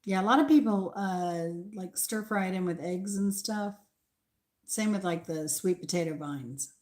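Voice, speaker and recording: Slow-talking older Southern woman rambling. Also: on the low side, a little mellow. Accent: Southern American mix. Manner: rambling, chatty, talks slowly with pauses. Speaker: channel host. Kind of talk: casual garden tour chat.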